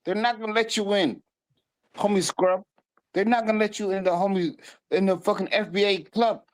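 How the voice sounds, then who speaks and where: A man's voice: sits high, steady tone, moderate pace, no echo. A man arguing on a livestream panel, stammering and repeating himself as he confronts another guest. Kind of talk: heated livestream panel banter.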